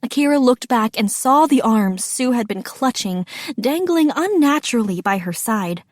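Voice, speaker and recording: Unhurried woman storybook narrator. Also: fairly high pitch, dry recording, studio quality.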